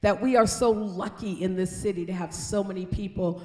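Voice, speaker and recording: A woman's voice: mid-range voice, fairly even intonation, moderate pace, a little mellow. A woman mayor addresses an awards crowd in an earnest, rallying tone and calls out to the audience to get them going. Her voice rings through a large theater with long reverb. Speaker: mayor giving a welcome speech. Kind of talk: public speech at an awards ceremony.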